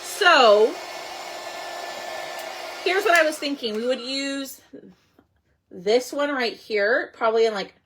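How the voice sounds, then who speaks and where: A woman's voice: high-pitched, slow, long pauses, noisy background. A woman hosting a crafting live stream, chatting casually and greeting viewers by name.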